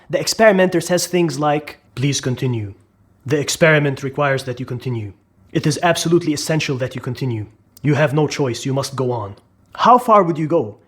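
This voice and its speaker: A man narrating a psychology lesson in a dramatic way, asking the listener questions. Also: fairly high pitch. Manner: dramatic, asks the listener questions, acts out quotes. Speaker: psychology lecturer. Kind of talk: explainer video narration.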